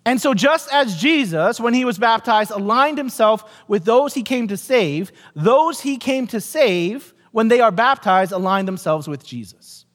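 A man preaching a sermon as pastor, earnest, repeating key phrases and dropping low for emphasis. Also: animated, a little slow, hardly any pauses, fairly bright tone, in a large hall.

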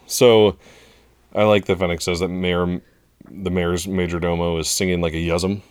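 A man co-hosting a podcast, recapping a show in casual chat, relaxed and laughing often. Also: low voice, moderate pace, clear, resonant tone, no room sound, clean studio sound. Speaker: podcast co-host.

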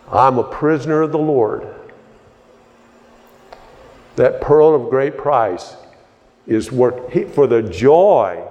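Fervent slow-preaching man in reverberant hall. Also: medium pitch, a little mellow. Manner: fervent, repeats phrases, bursts of hallelujah. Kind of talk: sermon.

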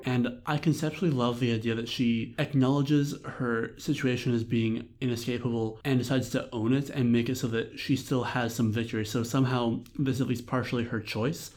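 A man's voice: medium pitch, darkish tone. Enthusiastic man discussing films. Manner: enthusiastic, quotes scenes. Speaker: podcast co-host. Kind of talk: casual film discussion.

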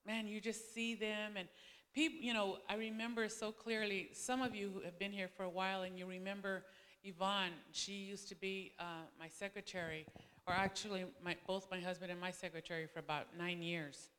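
A woman's voice: mid-range voice, fairly even intonation, normal speed, a bit bright, big-room sound. A woman pastor giving a sermon, telling stories in a loose conversational way with frequent restarts. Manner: conversational storytelling, many restarts.

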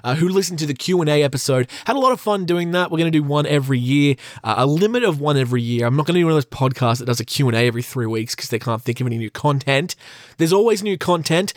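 A man's voice: medium pitch, no room sound, studio quality. A man hosting a casual comedic podcast, rambling with joking asides and self-deprecating humor. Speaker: podcast host.

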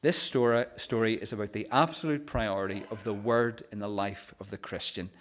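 A male pastor preaching a sermon, often stammering on first sounds and dropping softer on key phrases. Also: lowish voice, normal speed.

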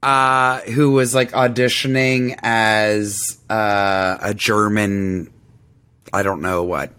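A woman co-hosting a podcast, with quick expressive reactions in casual chat. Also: a bass voice, clear, resonant tone. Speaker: podcast co-host.

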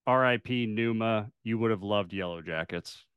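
A man co-hosting a podcast in casual chat, laid-back and quick to laugh. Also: fairly low pitch, smooth, no echo, lo-fi sound. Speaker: podcast co-host.

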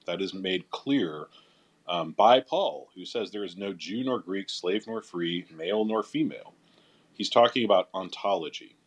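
A man co-hosting a podcast, explaining Bible passages in a measured, casual way. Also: low-pitched, animated, husky. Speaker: podcast co-host answering Bible questions.

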